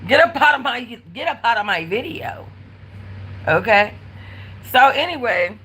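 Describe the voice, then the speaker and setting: A woman hosting a live stream from her apartment, telling animated, slangy stories with blunt cursing. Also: fairly high pitch, measured pace, husky, low-quality recording. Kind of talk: casual live-stream chat. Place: at home in an apartment.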